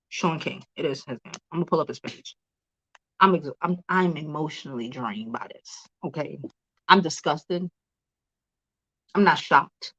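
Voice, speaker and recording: A woman's voice: low-pitched, fairly bright tone, slightly rough, highs cut off. A woman hosting a casual celebrity news livestream, chatty, laughing often and cursing freely.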